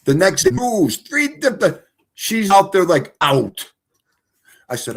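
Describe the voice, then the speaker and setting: A middle-aged man telling stories casually on a livestream, animated, swinging from loud exclamations to quiet mutters. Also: high-pitched, takes it slowly. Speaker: streamer.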